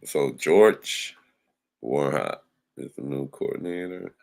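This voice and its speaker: A man hosts a casual sports talk livestream, addressing his viewers loosely as y'all. His voice sits extremely low with a rough, gravelly fry. He speaks slowly and unhurriedly. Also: a little mellow. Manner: loose, chatty, talks to the audience as y'all. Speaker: sports show host.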